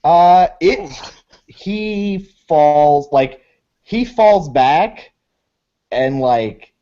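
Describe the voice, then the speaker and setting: A man's voice: fairly high pitch, expressive, drawn-out words, warm tone. A man narrating a tabletop horror game as game master, loose and casual with lots of swearing and fillers. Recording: dull lo-fi audio.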